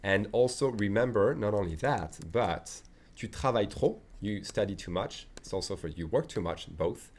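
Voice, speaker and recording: A man gives a casual beginners' lesson. His voice sits on the low side, and he jokes along with plenty of fillers and restarts. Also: normal speed. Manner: relaxed, joking, many fillers and restarts. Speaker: French teacher.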